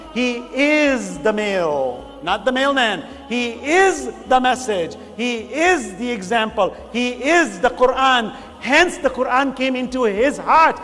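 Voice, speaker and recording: A man giving an animated sermon to a congregation, rising to emphatic shouts. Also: very high-pitched, in a large hall. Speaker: preacher.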